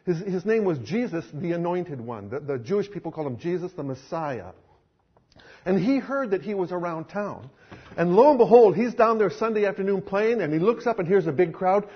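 Husky-voiced male pastor telling a story. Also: high-pitched, animated, normal speed, lo-fi sound. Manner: dramatic, acts out characters. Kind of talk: sermon storytelling.

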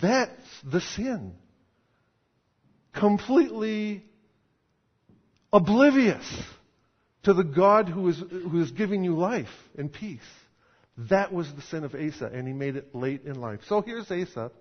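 A man's voice: high voice, lively intonation, takes it slowly, pauses often. A man preaching a sermon in a conversational, emphatic style with rhetorical questions. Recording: dull sound in a reverberant hall.

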